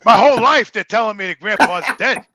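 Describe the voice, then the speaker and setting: A middle-aged man with a New York accent telling profane, animated stories in casual conversation. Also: high-pitched, fairly quick, no echo. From Brooklyn, New York. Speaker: guest. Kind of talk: casual storytelling.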